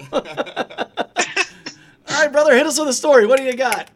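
A man's voice: very high-pitched, normal speed, slight background noise. A man hosting a podcast, making playful jokes and banter. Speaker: podcast host. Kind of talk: casual podcast chat.

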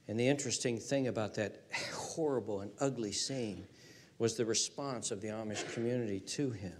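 A male pastor preaching a sermon, swinging from loud emphatic rises to hushed near-whispers and repeating phrases for emphasis. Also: on the low side, normal speed, noisy background.

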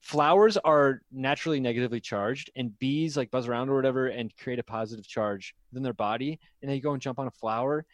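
Excitable, profane podcast guy. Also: medium pitch, fairly quick, few pauses, no echo. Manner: excitable, swears freely, laughs often. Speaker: podcast co-host. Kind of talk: casual comedy chat.

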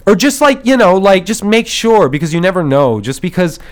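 Male podcast host, casual rambling storyteller, slightly high voice with very lively pitch, mimics others. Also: brisk. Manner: animated, rambling storyteller who acts out voices and laughs often.

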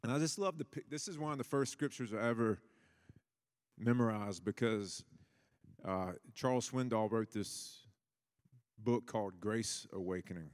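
A man's voice: fairly low pitch, moderate pace, big-room sound. A man preaching a sermon in a casual, rambling way, with many restarts and fillers. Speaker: pastor.

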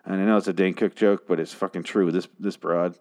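A man's voice: deep voice, fairly even intonation, brisk, a little mellow. A man giving a casual, sarcastic and profane recap of a TV episode, rambling with frequent restarts. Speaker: show host recapping a TV episode.

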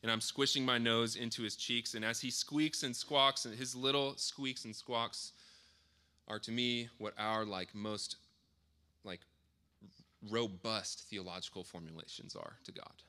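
A man in his thirties preaching, his voice very bright and forward. He talks to the congregation casually, slipping in fillers and restating his points as he goes. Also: medium pitch, steady tone, measured pace, clear, resonant tone. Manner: conversational, with frequent fillers and self-corrections. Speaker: pastor. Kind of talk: sermon.

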